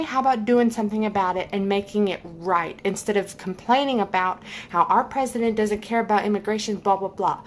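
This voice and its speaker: A woman's voice: medium pitch, fairly quick, few pauses, a little hiss or hum. A woman giving a heated, emphatic opinion rant to camera, repeating points for stress. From United States. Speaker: vlogger.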